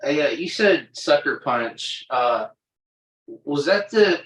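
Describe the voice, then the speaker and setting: A man's voice: on the high side, animated, slow pace, fairly bright tone, roomy sound, rough recording. A man hosting a casual interview, asking questions and giving brief, easygoing reactions. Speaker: interview host.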